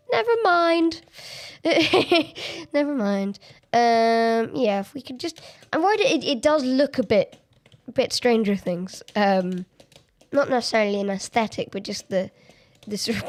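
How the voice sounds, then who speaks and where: High-voiced, giggly Australian woman streaming. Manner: chatty, giggly, thinking aloud. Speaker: Minecraft streamer. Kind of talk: casual live-stream commentary. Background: faint background music.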